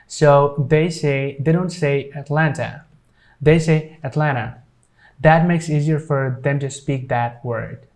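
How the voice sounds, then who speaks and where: Mężczyzna z bangladeskim akcentem, nauczyciel angielskiego. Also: male voice, on the high side, steady tone, darkish tone. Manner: explains slowly with many fillers and repeated example sentences. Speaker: English teacher. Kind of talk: pronunciation lesson.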